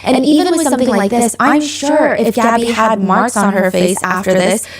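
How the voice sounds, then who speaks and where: A woman hosting a true-crime podcast, telling the story in a chatty, animated way and acting out the people she quotes. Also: a little high, normal speed. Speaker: podcast host.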